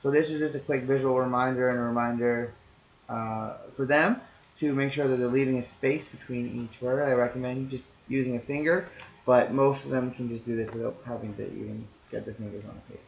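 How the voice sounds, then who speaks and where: A man's voice: medium pitch, fairly even intonation, a little fast, vocal fry, reverberant, a little hiss or hum, low-quality recording. A man teaching, explaining to parents in a recorded lesson in an easygoing, reassuring way, talking things through step by step.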